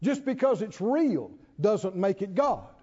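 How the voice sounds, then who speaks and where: A man preaching a sermon, emphatic and animated, stretching key words slowly and chuckling between points. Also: high voice, breathy edge. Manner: animated, emphatic, with slow drawn-out stresses and chuckles. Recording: dull sound with long hall reverb.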